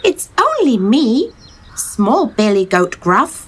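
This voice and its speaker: A woman voicing the smallest billy goat, a tiny timid goat who pleads in a squeaky voice. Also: wildly swooping pitch, measured pace, a bit bright, full character voice. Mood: pleading.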